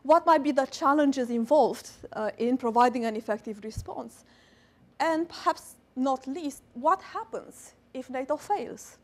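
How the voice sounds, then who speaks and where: A woman's voice: high-pitched, a little slow. A woman moderating a panel discussion, polished and formal.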